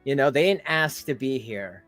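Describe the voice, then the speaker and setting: A man's voice: mid-range voice, expressive, moderate pace, fairly bright tone, soft background music. A man hosting a reaction commentary channel, ranting at a streamer with sarcastic, scornful, mocking remarks.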